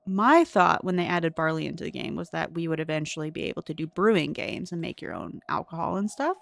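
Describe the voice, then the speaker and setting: A woman's voice: low-pitched, brisk, vocal fry, dry recording. A young woman streaming a cozy game, chatting with viewers and thinking aloud in a curious, talkative way. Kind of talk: casual gameplay commentary.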